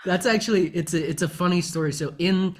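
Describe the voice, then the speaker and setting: A man's voice: high voice, a little fast. Easygoing young-sounding male actor. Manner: easygoing, storytelling, jokey. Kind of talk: casual interview chat.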